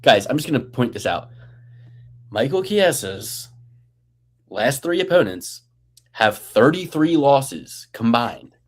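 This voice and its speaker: Man, podcast co-host, exasperated profane rant, sarcastic mocking edge, middle-pitched voice. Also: very animated, slow, pauses often. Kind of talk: casual sports betting chat.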